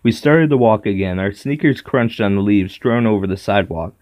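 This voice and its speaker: A man reading a children's horror book aloud in a steady first-person storytelling manner. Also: fairly low pitch, fairly quick, highs cut off. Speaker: narrator.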